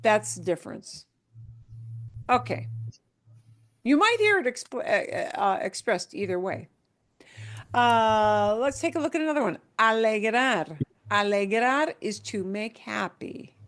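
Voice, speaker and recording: A woman's voice: on the high side, expressive, a little slow, pauses often, a bit bright. A woman teaching a language class, explaining patiently with examples and frequent check-ins. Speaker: Spanish teacher. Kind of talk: class lesson.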